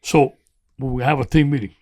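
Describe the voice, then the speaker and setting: An older man with a gravelly voice, telling rambling, animated stories with laughs as a podcast guest. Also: medium pitch, a little fast. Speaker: guest football coach. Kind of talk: podcast storytelling.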